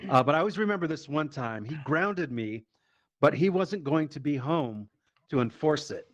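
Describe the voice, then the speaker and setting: Animated man telling stand-up stories. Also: fairly high pitch, moderate pace, no room sound, muffled recording. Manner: animated, profane, acts out quoted voices. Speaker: stand-up comedian. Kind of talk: stand-up storytelling in a VR comedy show.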